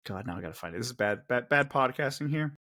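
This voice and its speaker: A man co-hosting a podcast, excitedly retelling movie scenes in casual chat. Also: mid-range voice, fast talker. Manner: excited, acts out quotes in raised voices. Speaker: podcast co-host.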